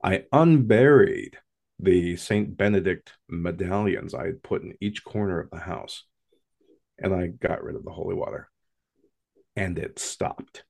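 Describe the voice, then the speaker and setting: A man slowly telling a first-person paranormal story in a hushed, dramatic way. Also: deep voice, gravelly.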